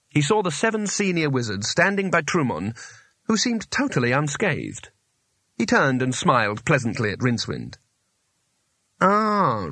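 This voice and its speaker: An audiobook narrator, male, reads a comic fantasy novel from a script in a measured, expressive manner, his pitch lively and varied. His voice is slightly rough, and the recording is dry and close with no room sound at all.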